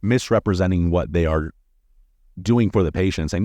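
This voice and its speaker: Man, very deep voice, dry close sound, casual podcast host. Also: moderate pace, a little mellow, dry recording. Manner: loose and rambling, full of "like". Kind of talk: casual chat.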